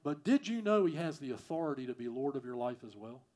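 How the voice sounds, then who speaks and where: A man preaching a sermon, repeating phrases and swinging from loud emphasis to quiet, prayerful lines. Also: mid-range voice, animated, quick pace. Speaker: pastor.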